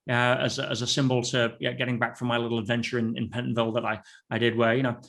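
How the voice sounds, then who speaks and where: A male podcast guest speaks in an animated, anecdotal manner, often doubling back on his words. His voice sits at a middle pitch. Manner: animated, anecdotal, with frequent restarts. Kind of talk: casual storytelling interview.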